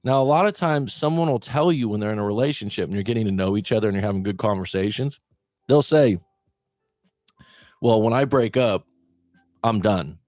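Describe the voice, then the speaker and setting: A man's voice: fairly low pitch, fast talker, a little mellow, no room sound, soft background music. A man, a breakup coach, talking straight to the listener and asking them questions. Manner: conversational, asks the listener questions. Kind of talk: direct-to-camera advice talk.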